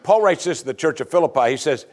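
A man's voice: fairly high pitch, fast talker. A man preaching a sermon as pastor, teaching from scripture and acting out the prayers of his listeners. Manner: animated preaching, acts out prayers in quoted voices.

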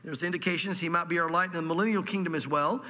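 Southern guy preaching, high bright voice, chatty bible teaching, big echoey church hall. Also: fairly even intonation, fast. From Virginia, USA. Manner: conversational Bible teaching with folksy asides. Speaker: pastor. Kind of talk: sermon. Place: church hall before a congregation.

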